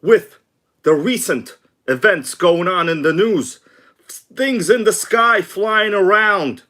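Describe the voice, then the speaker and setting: A man's voice: high voice, slow. Hyped-up man hosting a livestream. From from abroad. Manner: energetic, hyped, joking shout-outs to chat. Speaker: RC livestream host. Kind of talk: excited casual livestream chat.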